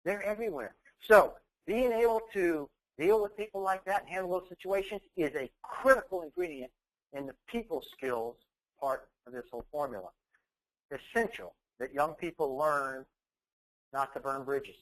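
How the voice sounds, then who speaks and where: A man giving a keynote talk to educators, telling a workplace story with punchy repetition and animated delivery. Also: fairly high pitch, normal speed, poor audio. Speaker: motivational speaker.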